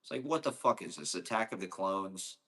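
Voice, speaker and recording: A man's voice: deep voice, animated, a little fast, bright, forceful tone. A man from Ohio delivering a casual, rambling monologue, profane and sarcastic.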